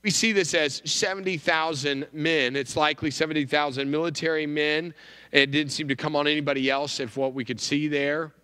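A male pastor giving a sermon, emphatic, with wide swings in pitch and volume. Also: fairly even intonation, moderate pace, bright, forceful tone, clean tone, in a large hall.

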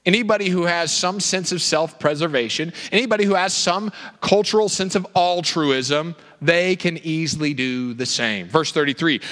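A male pastor preaching a sermon, animated and full of rhetorical questions. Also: high voice. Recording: reverberant hall.

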